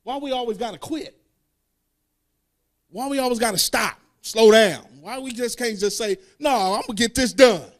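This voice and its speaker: A man's voice: very high voice, normal speed. A man preaching a sermon, reading scripture aloud and breaking into sung, call-and-response lines in casual speech.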